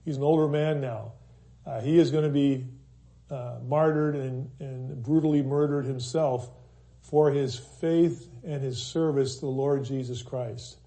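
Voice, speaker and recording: A man's voice: mid-range voice, steady tone, unhurried, warm tone. A man preaching a sermon in an earnest way, repeating key phrases for emphasis.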